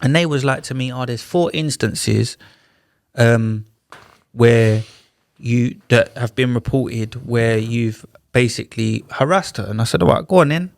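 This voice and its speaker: A man's voice: mid-range voice, a little slow, vocal fry, no echo. Slangy man, dry close sound. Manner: animated, slangy retelling with acted-out dialogue. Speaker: podcast guest. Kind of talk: casual storytelling. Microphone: studio podcast mic.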